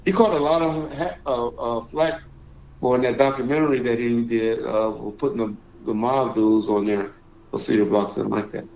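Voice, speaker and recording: A man hosting a live call-in stream, chatting casually and reading out shout-outs to viewers. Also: medium pitch, steady tone, normal speed, creaky. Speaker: livestream host. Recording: echoey, dull lo-fi stream audio.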